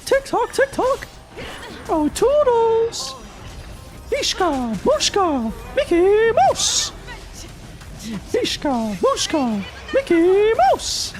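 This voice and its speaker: A man doing a squeaky falsetto impression of a cheerful cartoon mouse, slow and drawn out. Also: huge pitch swings, faint music behind, exaggerated voice. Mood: gleeful.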